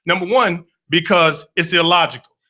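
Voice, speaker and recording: A man with a high, bright voice spins a comic story from his own life, playful and animated as he acts out the people in it. The sound is dull and lo-fi. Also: moderate pace.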